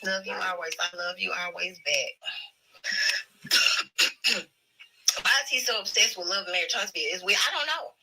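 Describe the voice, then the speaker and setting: A woman's voice: fairly low pitch, moderate pace, pauses often, bright, forceful tone, low-quality recording. A woman in a heated, profane rant on a livestream, defiant and blunt.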